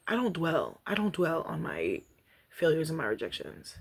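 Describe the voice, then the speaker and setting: A young woman vlogging casually about rejection, chatty and animated, laughing often and reading aloud. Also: sits low, moderate pace, vocal fry, husky. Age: young adult. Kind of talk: casual reflective vlog.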